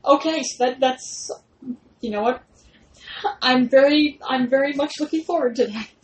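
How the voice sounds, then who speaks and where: A woman co-hosting a casual comedic chat, reacting in a dry, deadpan way. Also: sits high, normal speed, rough recording.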